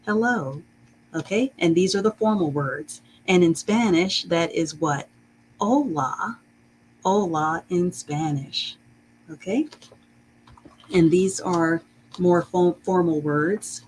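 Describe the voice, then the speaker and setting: A woman teaches a live online reading lesson, slowly and warmly encouraging viewers and greeting people in the chat. Her voice is somewhat low, and she draws out each word to pronounce it carefully. The stream is low quality, with a faint hum in the background.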